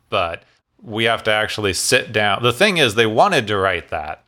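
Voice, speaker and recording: A man with a low, bright, forceful voice argues his points in a relaxed chat. He sounds emphatic and opinionated and tosses off blunt asides. The delivery is loose and conversational. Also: moderate pace. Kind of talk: casual discussion.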